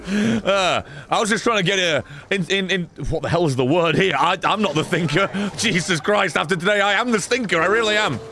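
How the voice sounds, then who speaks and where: A man giving live gameplay commentary, excitable, swearing and bursting into laughter. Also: high voice, brisk, hardly any pauses, music in the background. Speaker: gaming streamer.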